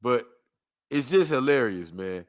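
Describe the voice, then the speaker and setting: A man's voice: mid-range voice, expressive, a little slow. A man hosting a podcast, chatting loosely and joking as he reacts to a video, now and then reading aloud. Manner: loose, joking, preachy asides. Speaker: podcast host. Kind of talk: casual reaction chat.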